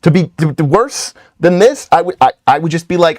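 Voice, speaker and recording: Recorded cleanly in a studio with no echo, this channel host is a middle-aged man whose fairly high voice has lively intonation at a normal speed. He talks casually, wandering through self-mocking anecdotes with frequent restarts and side remarks.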